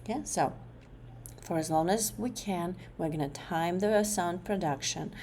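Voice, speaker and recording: Low, dark-voiced woman demonstrating voice exercises. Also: unhurried, a little hiss or hum. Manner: hesitant, many fillers and restarts. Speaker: student presenting an exercise.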